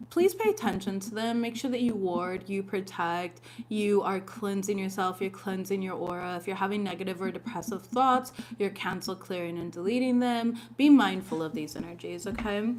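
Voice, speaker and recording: A woman's voice: medium pitch, a little hiss or hum. A woman giving a casual weekly tarot reading, chatty and informal, with many fillers. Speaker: tarot reader.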